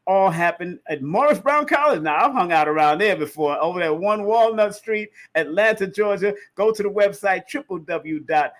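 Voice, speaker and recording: Middle-aged man hosting, animated and jokey. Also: high voice, moderate pace, hardly any pauses. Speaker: show host. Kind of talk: casual interview chat.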